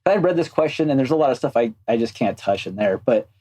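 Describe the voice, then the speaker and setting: A man who works as a game animator, speaking as a podcast guest in a thoughtful, halting way. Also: mid-range voice, animated, warm tone, slightly rough, low-quality recording. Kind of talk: casual interview chat.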